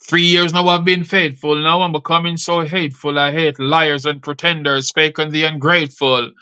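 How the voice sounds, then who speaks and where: Give me a man playing a betrayed, fuming woman with a sharp edge. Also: a little high, flat delivery, moderate pace, clean tone, dry recording, lo-fi sound. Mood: bitter. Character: betrayed furious woman, scorned lover.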